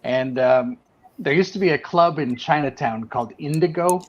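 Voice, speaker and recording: Guy telling a story on a drawing stream, kinda high voice, muffled lo-fi sound. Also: moderate pace. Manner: animated anecdote teller, acts out quotes. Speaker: artist on a drawing livestream. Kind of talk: casual storytelling chat. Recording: dull lo-fi stream audio.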